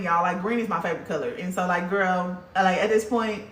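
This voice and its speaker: A woman's voice: fairly low pitch, fairly quick, a bit bright, reverberant, recorded from a distance. A woman vlogger talking casually to her viewers, blunt, profane and emphatic. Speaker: spiritual vlogger.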